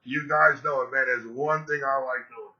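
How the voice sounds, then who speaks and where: A man's voice: mid-range voice, fairly even intonation, normal speed, pushed and bright. A man giving sports betting picks in a boastful, profane, swaggering monologue. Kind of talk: brash betting-pick monologue. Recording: dull lo-fi recording.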